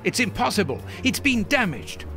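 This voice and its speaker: A man's voice: high-pitched, big pitch swings, normal speed, pushed and bright, faint music behind, full character voice. An actor playing an earnest, formal male doctor companion in a video game.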